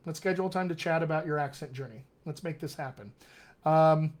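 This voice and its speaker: A man's voice: a little high, fairly quick. A man hosting a live question-and-answer stream as a dialect coach, upbeat and encouraging as he answers viewers one by one. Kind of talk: casual live-stream chat.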